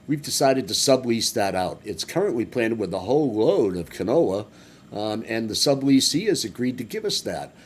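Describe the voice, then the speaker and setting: Chatty man narrating a farming game. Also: medium pitch. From Massachusetts. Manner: chatty, rambling, joking asides. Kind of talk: casual gameplay commentary. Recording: game vehicle engine noise behind.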